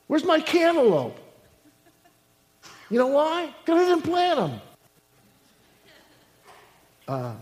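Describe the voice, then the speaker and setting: A male pastor preaching a sermon, swinging between loud emphasis and quiet asides. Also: fairly high pitch, vocal fry.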